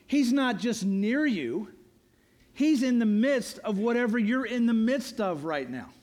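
A man with a high, bright voice preaches a sermon, earnest and emphatic. He leans on repeated refrains and drives each point home to the congregation. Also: animated, unhurried. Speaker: pastor.

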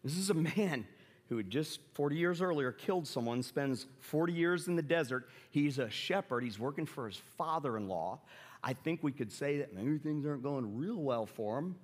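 Middle-aged pastor in a reverberant church. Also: male voice, normal speed. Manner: animated, acts out quoted lines with big pitch jumps. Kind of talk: sermon. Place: church sanctuary.

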